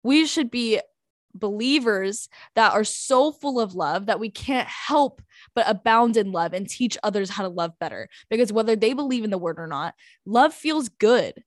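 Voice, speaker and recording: An earnest eighteen-year-old woman chats into a close podcast mic, her talk full of "like" and "um". Her voice sits at an ordinary middle pitch and sounds dry, with no room around it. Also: animated, moderate pace, dry recording. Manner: earnest, chatty, with frequent "like" and "um" fillers. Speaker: podcast co-host. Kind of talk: casual faith podcast talk.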